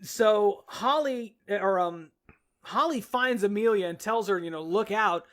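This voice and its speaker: A man co-hosting a podcast, casually retelling a film's plot with lively quotes and frequent laughs. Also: sits high, measured pace. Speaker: podcast co-host. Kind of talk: casual movie recap chat.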